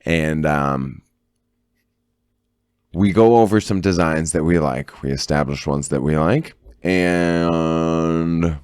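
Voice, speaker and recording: An extremely deep-voiced man co-hosting a podcast, boisterous and swaggering, dropping swear words as he goes. His voice sits dry and close, with no room sound around it. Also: takes it slowly, pauses often, darkish tone, smooth, dry recording. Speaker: podcast co-host. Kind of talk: casual chat.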